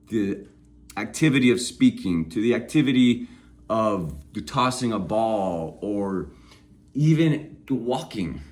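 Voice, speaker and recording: A man talks straight to the listener in a motivational self-therapy monologue. He is candid and encouraging, and his pitch swings widely as he acts out his worried inner voice and then answers it. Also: darkish tone. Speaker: host of speaking practice videos.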